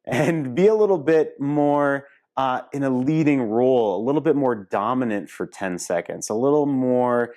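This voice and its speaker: A man's voice: mid-range voice, moderate pace, hardly any pauses, a little mellow. A middle-aged man, a relationship coach, talking casually and candidly to viewers, swearing freely and laughing now and then. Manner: candid and profane, laughs easily. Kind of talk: casual talk to camera.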